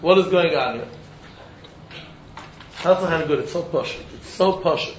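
A man teaching a Talmud lesson, animated, often repeating words as he thinks and breaking into laughs. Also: fairly high pitch, unhurried. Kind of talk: Talmud study lecture. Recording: roomy, muffled recording with faint background noise.

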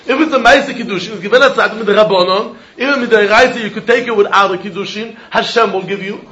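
A man giving a Talmud lesson in a lively, questioning way, mixing Yiddish terms into his English. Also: high voice, fast talker, hardly any pauses. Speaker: Talmud teacher. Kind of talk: yeshiva-style Talmud lesson. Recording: dull echoey room with faint noise.

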